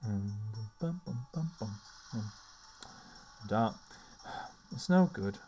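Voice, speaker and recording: A man's voice: on the low side, lively intonation, slow pace, dark tone, dull audio, soft background music. A man casually commenting on a video game, chatty and rambling, chatting to his cats as he plays. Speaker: let's play host.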